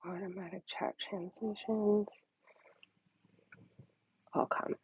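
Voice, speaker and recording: Breathy, slow-talking woman muttering asides. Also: mid-range voice, lively intonation, narrow, tinny audio. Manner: rambling, muttering half-whispered asides to herself. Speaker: crafting livestream host. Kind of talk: casual live-stream chat. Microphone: phone or tablet.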